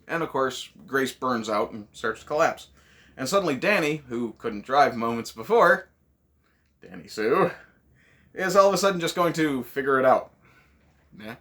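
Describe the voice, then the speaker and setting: A man's voice: medium pitch, expressive, moderate pace, pauses often, a bit bright. A man hosting a casual movie review, ranting sarcastically with lots of swearing.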